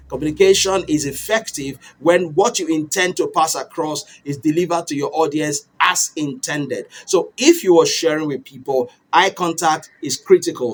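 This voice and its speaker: A man coaching public speaking, talking straight to viewers in an instructional style and deliberately swinging his pitch and pace up and down. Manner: animated, varies pitch and pace on purpose. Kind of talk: instructional talk to camera.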